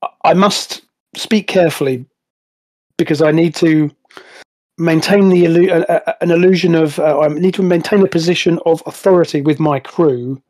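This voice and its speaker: A man plays a wary male alien first officer in a tabletop game, weighing every word and speaking slowly and deliberately. The voice is mellow and sits a touch high. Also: fairly even intonation, natural voice. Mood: guarded. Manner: careful, measured speech.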